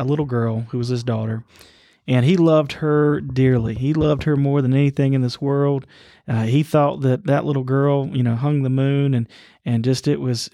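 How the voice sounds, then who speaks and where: Man, podcast co-host, earnest halting storyteller, dry close mic, mid pitch. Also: darkish tone, no echo. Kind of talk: Bible study podcast conversation.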